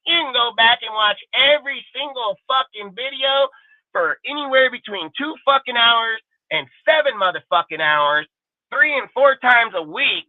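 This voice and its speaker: A man's voice: very high-pitched, no room sound. A male sports talk host on a panel show, ranting with aggressive, boastful and profane insults. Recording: dry tinny phone-like sound.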